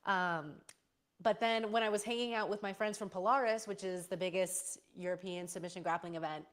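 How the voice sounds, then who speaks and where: A woman's voice: medium pitch, steady tone, brisk. A young woman chatting casually on a live stream, rambling through stories and answering chat with playful slang.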